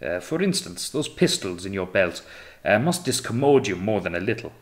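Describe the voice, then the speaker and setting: A man's voice: low-pitched, sing-song, normal speed. A man voicing a polite, suave young French privateer captain in an audiobook reading. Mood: politely courteous. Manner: courteous, smoothly formal.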